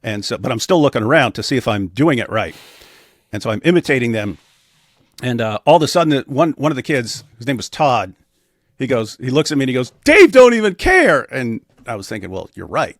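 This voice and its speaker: A man's voice: medium pitch, fast talker, no echo, studio quality. A man as an interview guest, telling a personal story in a matter-of-fact way with frequent restarts. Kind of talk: casual storytelling in conversation.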